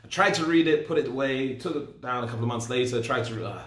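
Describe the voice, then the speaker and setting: A man in his forties recounts his own story for an online audience. He speaks in an animated way and often jokes about himself. His voice has a roomy echo and sits at an average pitch. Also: fast talker. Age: 40s. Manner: storytelling, animated, self-deprecating. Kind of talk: personal testimony talk.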